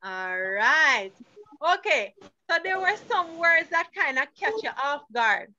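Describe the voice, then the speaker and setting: A woman's voice: high voice, sing-song, takes it slowly, sharp tone. A woman hosting an online reading competition, coaxing and upbeat as she calls on people by name. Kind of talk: encouraging moderator on a video call. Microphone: video call. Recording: dull lo-fi online call audio.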